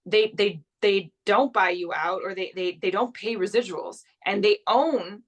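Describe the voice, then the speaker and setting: Young canadian woman, chatty guest, lots of restarts, mid pitch. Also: measured pace. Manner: chatty, many restarts and fillers. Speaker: guest actress. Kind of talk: casual interview chat.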